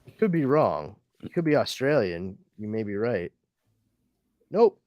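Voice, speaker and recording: This podcast host's voice sits lowish, swinging widely in pitch at a measured pace. There's no room sound and the audio is dull, while he reads listener comments and meanders through his chat with many restarts and fillers.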